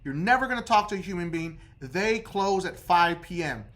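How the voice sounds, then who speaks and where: A man's voice: sits high, animated, normal speed, fairly bright tone. A man explaining credit repair steps in a casual, direct how-to talk. He keeps checking in with the listener, dropping "okay?" after nearly every point.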